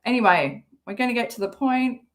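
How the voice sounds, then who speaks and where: An Australian woman hosting a casual livestream, rambling and swearing often, with a slightly hoarse throat. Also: a little high, animated, brisk. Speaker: livestream host.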